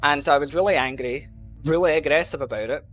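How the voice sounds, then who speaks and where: A man's voice: a little high, fast talker, a bit bright, soft background music. A man with a mild Glasgow Scottish accent telling a long story in a rambling, casual way, full of ums and you-knows. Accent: Glasgow Scottish, softened. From Scotland. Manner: rambling, lots of "um" and "you know". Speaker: gaming channel host. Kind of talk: casual storytelling over gameplay.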